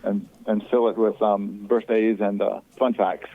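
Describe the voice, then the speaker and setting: A man's voice: lowish voice, steady tone, unhurried. A male caller on a radio phone-in, chatting in an easygoing, teasing way. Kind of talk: phone-in chat. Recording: muffled phone-in line.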